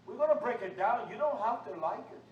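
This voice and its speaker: Preacher, male, high voice, fiery call-and-response sermon, recorded far off in an echoey room with faint noise. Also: expressive, fast talker, dull audio. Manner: preaching with call-and-response, swinging from low talk to shouting.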